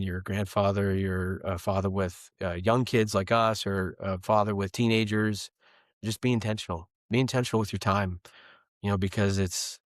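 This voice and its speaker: A man's voice: fairly low pitch, dry recording, clean studio sound. A man in his thirties, a podcast guest talking casually and earnestly about faith and family. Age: 30s. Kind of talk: casual conversation.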